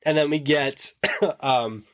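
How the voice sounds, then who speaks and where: A man co-hosting a podcast, casually recapping a TV series in an animated, storytelling way. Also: fairly high pitch, slow. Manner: animated storyteller who acts out lines between laughs. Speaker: podcast co-host.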